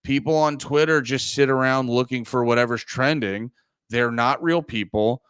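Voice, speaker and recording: A young man hosts a loose, profane podcast chat, wandering off topic and correcting himself mid-sentence. His voice is smooth and resonant at a middle pitch, and the sound is dry and close. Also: moderate pace, a bit bright, dry recording. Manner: profane, rambling, self-interrupting, laughs often. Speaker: podcast host. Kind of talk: casual rambling chat.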